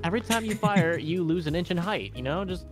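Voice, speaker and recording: A man's voice: high-pitched, expressive, fast, over loud music. A man teasing and complaining while gaming with friends. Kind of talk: casual gaming chat with friends.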